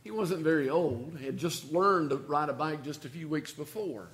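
A man preaching a sermon, telling a story with sudden shifts between loud and quiet and repeating key phrases for emphasis. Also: a little high, normal speed. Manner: storytelling with dramatic swings in loudness and pace.

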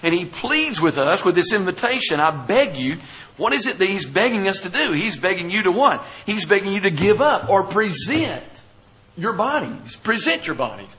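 Bright-voiced man preaching a sermon. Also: high voice, big pitch swings, normal speed, rough recording. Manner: preaching, reads scripture aloud, asks questions and answers them. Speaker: pastor.

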